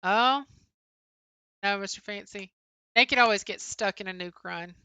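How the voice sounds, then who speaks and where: Young woman, stream co-host, bright, close dry sound, casual chat-reading, lots of "um". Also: medium pitch, measured pace, clear, resonant tone, dry recording. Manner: chatty, answers chat names, frequent "um" fillers. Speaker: livestream co-host. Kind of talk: casual livestream chat, reading viewer comments.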